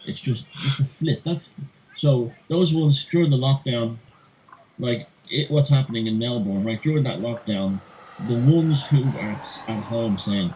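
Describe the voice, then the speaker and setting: A man's voice: medium pitch, a little slow, warm tone, slight background noise, rough recording. A man hosting a live stream, chatting in a rambling way, swearing and acting out quoted people. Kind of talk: rambling casual chat.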